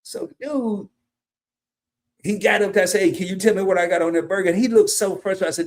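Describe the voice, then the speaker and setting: A man's voice: sits high, fast. A man, telling a casual story on his live stream and greeting chatters by name.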